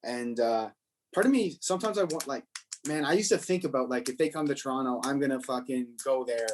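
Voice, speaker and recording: A man's voice: medium pitch, brisk, slight background noise. A young adult man, a stand-up comedian, chatting loosely on a podcast and telling rambling stories with plenty of swearing. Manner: loose and profane, rambling storyteller. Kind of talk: casual podcast chat.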